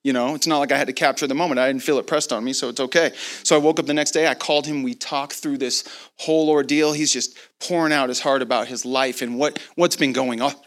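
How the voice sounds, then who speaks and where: A man preaching a sermon, telling a story in an animated way and acting out both sides of the conversation, with laughs along the way. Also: mid-range voice, fast.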